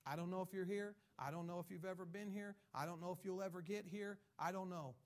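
Emphatic preacher man, fairly high voice. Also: steady tone, fast talker. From has Irish ancestry. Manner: emphatic preaching, mimicking excuses in a higher voice. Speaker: pastor. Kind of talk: sermon.

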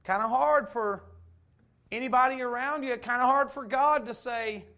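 A man's voice: extremely high pitch, moderate pace, pushed and bright. A man in his forties, a pastor, preaching a sermon in a church, earnest and full of rhetorical questions.

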